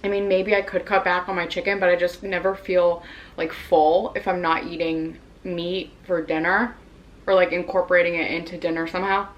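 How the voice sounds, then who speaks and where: A woman's voice: on the low side, little pitch movement, normal speed, muffled recording. A young woman vlogger in a casual mukbang, chatting and rambling while she eats, in her apartment. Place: apartment room in New York.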